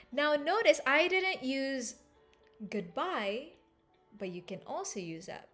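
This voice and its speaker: A woman's voice: medium pitch, fairly bright tone. A woman teaching an English lesson, explaining and repeating phrases to show intonation. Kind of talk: language lesson.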